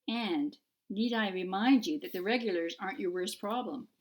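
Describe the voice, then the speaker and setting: A woman's voice: mid-range voice, close to an everyday voice. Woman voicing a sarcastic cat familiar. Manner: dry, sarcastic, slow. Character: sardonic female cat familiar. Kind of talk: audiobook character voice.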